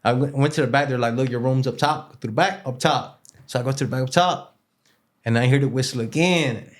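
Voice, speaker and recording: A man's voice: mid-range voice, a little fast. Male interview guest, mid-range voice, casual slangy storyteller who rambles and repeats himself. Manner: loose street slang with Spanish words mixed in; rambling, with many fillers and repeated words.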